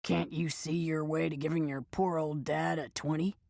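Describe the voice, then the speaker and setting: A woman voicing a gaunt old man, a wheedling drifter who talks in a raspy drawl, in an audiobook. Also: low voice, level tone, moderate pace, darkish tone, dry recording, studio quality.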